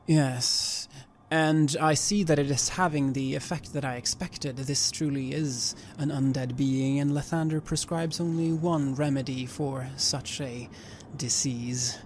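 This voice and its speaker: Slow, solemn man playing a cleric. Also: medium pitch, fairly even intonation, slight background noise. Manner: measured and solemn, some restarts. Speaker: player voicing a cleric. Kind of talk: tabletop role-play, in and out of character.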